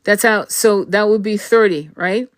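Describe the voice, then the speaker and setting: A woman's voice: medium pitch, a little slow. Blunt, swearing woman on a live stream. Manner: blunt, swears freely, many restarts. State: sore throat, tired. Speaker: tarot reader hosting a live stream. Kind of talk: casual livestream chat.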